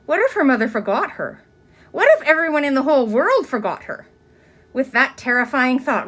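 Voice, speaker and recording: Brief: female reader for kids' story, expressive and lively, slightly high voice. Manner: expressive, chatty asides. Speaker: reader reading aloud to children. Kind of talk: children's book read-aloud with asides.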